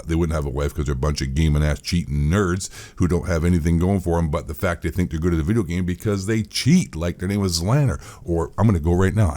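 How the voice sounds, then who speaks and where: A man's voice: a bass voice, a little mellow. A man giving a profane, mocking, rambling rant as a gaming commentator. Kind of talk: ranting commentary.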